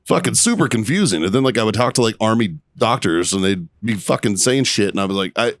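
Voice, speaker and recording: A man in his thirties, a former Marine co-hosting a podcast, swearing freely and telling animated stories with bursts of laughter. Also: fairly low pitch, fairly quick, few pauses, dry recording, studio quality. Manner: profane, animated storytelling with laughter. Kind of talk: casual profane banter and storytelling.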